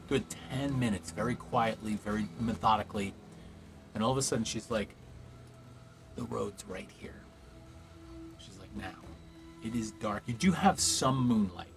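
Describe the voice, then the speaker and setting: A man running a tabletop game as game master, narrating in a casual, loose way. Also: on the low side.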